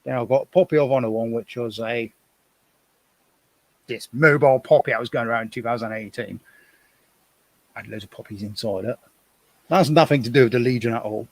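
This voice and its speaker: A man's voice: mid-range voice, a little fast, pauses often. A man talks on a live stream from home. He rambles in a chatty way and thinks aloud as he goes through his things. His mid-range voice sounds dry and close, with no room echo. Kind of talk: casual live-stream chat.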